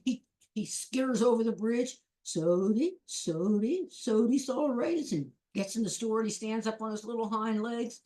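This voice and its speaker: A woman's voice: a little high, a little mellow. A woman storyteller telling a folk tale live, with rhythmic repetition and playful sound words.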